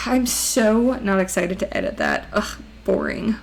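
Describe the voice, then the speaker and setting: A woman's voice: animated, measured pace, poor audio. A woman streamer chatting casually while she draws, her voice cracking now and then after a long recording session, playful and self-teasing. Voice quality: high, mousy voice. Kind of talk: casual live-stream chat while drawing.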